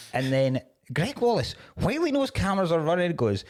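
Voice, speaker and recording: A man's voice: mid-range voice, fairly quick. A man, a comedian co-hosting a podcast, telling sweary stories in casual chat. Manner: sweary, storytelling, animated.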